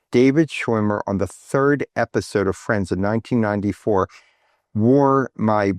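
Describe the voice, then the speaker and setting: A man in his fifties, a guest in a casual interview, telling stories in a halting way with many fillers and restarts. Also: dry recording, studio quality. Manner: animated, acts out quoted speech with lifted pitch. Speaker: guest artist.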